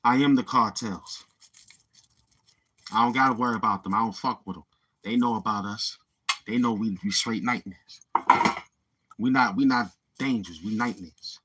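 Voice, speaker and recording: Man, New York accent, husky voice, boastful trash talk, livestream host. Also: on the low side, moderate pace, a bit bright. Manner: boastful, taunting street slang. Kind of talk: live-stream trash talk.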